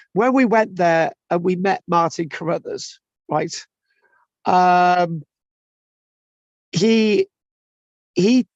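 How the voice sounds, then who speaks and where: A man with a slightly high voice gives a chatty online class lecture, full of restarts and tag questions. The recording is dull, lo-fi, and dry, with no echo.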